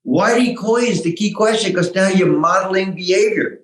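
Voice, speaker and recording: An older man, a former tech executive, telling lively stories in an interview, laughing at his own anecdotes and acting out the quotes. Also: high voice, a little fast, roomy sound, rough recording.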